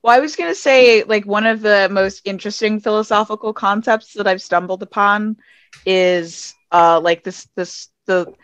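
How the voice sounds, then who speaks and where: A woman's voice: mid-range voice, normal speed, a bit bright, no room sound. Rambling American woman, dry lo-fi sound. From United States. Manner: rambling, restarting thoughtful explainer. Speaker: podcast guest. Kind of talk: casual podcast discussion.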